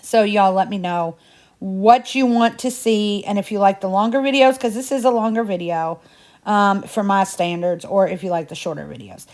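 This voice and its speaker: A woman's voice: medium pitch, normal speed, darkish tone. A woman from Indiana with a Southern US twang that slips into a Midwestern accent, chatting casually and rambling as she narrates her cleaning vlog. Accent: Southern US twang mixed with Midwestern. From Indiana, USA. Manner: talkative, rambling, folksy. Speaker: home cleaning vlogger.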